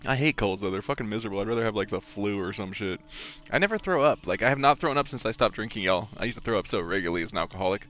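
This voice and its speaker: A man's voice: fairly low pitch, animated, racing, a bit bright, dull audio, soft background music. A man streaming a game while nursing a cold, chatting casually, candid and swearing freely. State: has a head cold.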